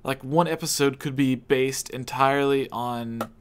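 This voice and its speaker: A man's voice: medium pitch, fairly even intonation, measured pace, smooth. Joking man hosting a livestream. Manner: joking, teasing. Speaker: host. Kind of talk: casual livestream chat.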